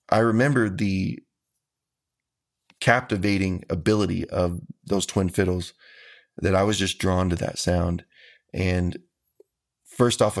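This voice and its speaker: A man, a country singer talking earnestly and unhurriedly as an interview guest. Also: deep voice. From Texas. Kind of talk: casual interview talk.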